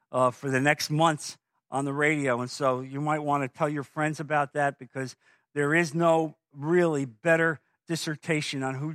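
A man preaching a sermon as pastor, building to forceful emphasis with rhetorical questions, and stumbling over restarts in asides. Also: on the high side, dry recording, clean studio sound. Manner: frequent fillers and restarts when speaking offhand.

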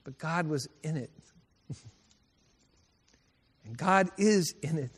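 A man's voice: a little high, takes it slowly, slightly rough. A middle-aged male preacher telling personal stories in a sermon, emotional and laughing often as he goes. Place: college chapel. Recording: chapel recording with long reverb.

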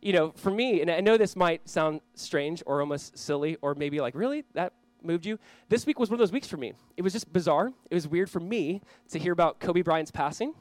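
Earnest pastor with a dry close sound. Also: male voice, a little high, a little fast, few pauses, no room sound. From Southern California. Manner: earnest, conversational, swings from loud reading to quiet prayer; storytelling with self-deprecating asides. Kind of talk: sermon.

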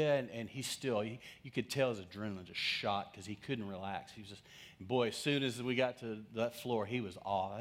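A pastor with a lowish male voice delivers a sermon as a lively personal anecdote. He slips into the voices of the people in his story, playing the scenes for laughs. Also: normal speed. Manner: humorous, acts out quoted voices.

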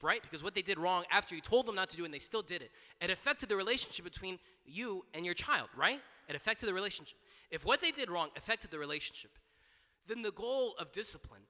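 Bright-voiced man preaching in an echoing church. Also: high-pitched. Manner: conversational, frequent restarts and repeated words, asks "right?". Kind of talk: sermon.

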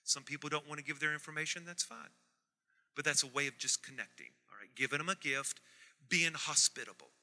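Male pastor, sermon delivery with a fairly high, very bright voice; reverberant church hall. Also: a little fast. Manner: swings from soft asides to loud emphatic repetition. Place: church sanctuary.

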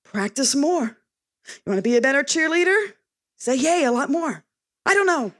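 A woman's voice: high-pitched, animated, normal speed. A woman preaching a sermon in a punchy, conversational way, reading scripture aloud between short asides.

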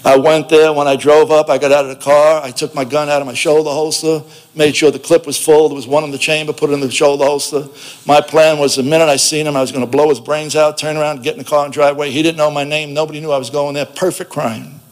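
A man's voice: a little high, little pitch movement, fast talker. A man giving a personal testimony, telling his story in a blunt, plainspoken way with a streetwise edge.

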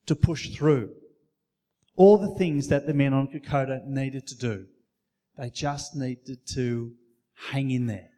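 A man preaching a sermon in a church, earnest and measured, with occasional fillers. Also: medium pitch, dark tone. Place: church hall.

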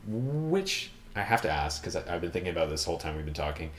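A man's voice: sits low, big pitch swings, fast. A man from Ontario hosting a casual podcast chat, rambling and hunting for words with lots of fillers. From Ontario, Canada. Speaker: podcast host. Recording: echoey room.

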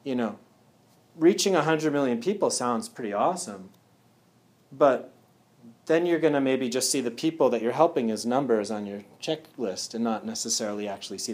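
A man's voice: medium pitch, darkish tone. A man speaking casually to a live audience at a wellness talk. He often checks in with "yeah?" and "right?".

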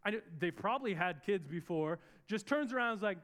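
A man's voice: high-pitched, fast, few pauses, fairly bright tone. A young man preaching a sermon in church, earnest and storytelling, building up to emphatic peaks as he prays. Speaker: pastor. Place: church service in a room.

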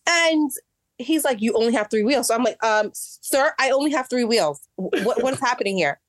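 A woman telling a story in casual chat, animated and acting out what people said, getting exasperated as she goes. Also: on the high side, normal speed, dry recording, clean studio sound. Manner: animated, acts out quotes, rising exasperation. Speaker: guest.

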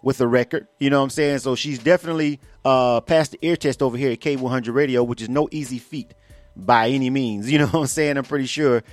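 A man's voice: medium pitch, fast, no room sound, soft background music. A man hosting a live radio interview, talking loosely with many fillers and repeats. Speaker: radio show host. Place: based in Atlanta.

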